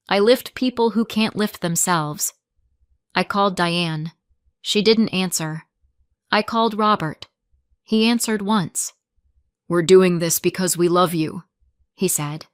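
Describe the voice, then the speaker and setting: A woman narrating a first-person dramatic story, earnest and quietly tense, on a close mic. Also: fairly low pitch, no echo.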